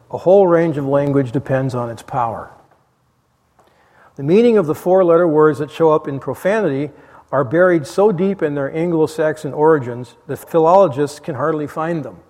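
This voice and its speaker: A man leads a church Bible study class, talking in an easygoing, rambling way full of fillers and false starts. His voice sits a little high for a man. It carries the long reverb of a large hall. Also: a little mellow. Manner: rambling, with frequent "you know" fillers and restarts. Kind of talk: conversational church class teaching.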